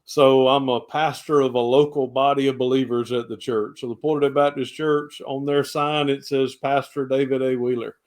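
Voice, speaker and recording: A man with a thick Southern Georgia accent, a pastor chatting as a guest in a relaxed, folksy, rambling way. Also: medium pitch, moderate pace, hardly any pauses. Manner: folksy, rambling, with country sayings. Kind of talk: casual podcast interview.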